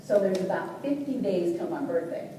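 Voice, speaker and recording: A middle-aged woman speaker telling a personal story to a live audience, animated and sassy, with preacher-like call and response. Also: on the low side, moderate pace. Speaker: motivational speaker. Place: large hall with audience. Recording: echoey hall from far off, noisy.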